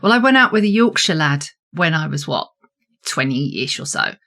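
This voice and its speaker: A woman guest from London with a soft Southeast English accent, telling stories in a casual, lively way. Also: deep voice, moderate pace. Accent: Southeast English, softened. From London, England. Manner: lively storyteller, acts out voices. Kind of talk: casual interview chat.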